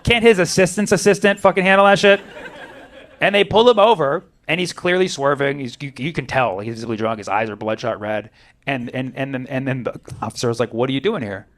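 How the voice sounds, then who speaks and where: A stand-up comedian riffs through his set, swearing heavily and performing other people's voices. He speaks briskly in a mid-range voice with a slightly bright tone.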